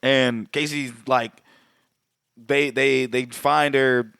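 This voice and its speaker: A man's voice: mid-range voice, fairly even intonation, slow, creaky, fairly bright tone, smooth, dry recording, studio quality. Profane, laid-back male podcast co-host. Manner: loose, profane, laughing recaps. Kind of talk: casual chat.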